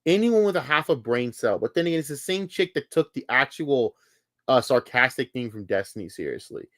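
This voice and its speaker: A man's voice: medium pitch, expressive, fairly quick, a bit bright, no room sound, clean studio sound. A man ranting angrily on a live stream, swearing hard and repeating himself when worked up. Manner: heated, profane, repeats words when worked up. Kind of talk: angry live-stream rant.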